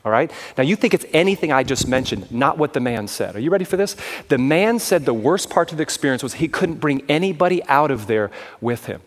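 A man's voice: fairly high pitch, lively intonation, fairly quick. A man giving a sermon-style talk as a traveling evangelist, telling stories and often asking the crowd if they follow. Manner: storytelling with frequent asides and checks to the crowd.

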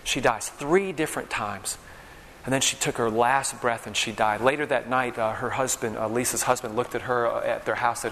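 A man's voice: mid-range voice, steady tone, normal speed, a bit bright, a little hiss or hum. A man preaching a sermon, telling vivid stories and checking in with the crowd with "okay?" and "all right?". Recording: long reverb in a large hall.

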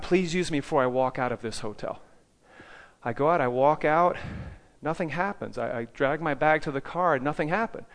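A man preaching a sermon, telling personal stories in a lively way and often checking in with the listeners by asking "okay?". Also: medium pitch. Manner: animated storytelling, keeps asking "okay?".

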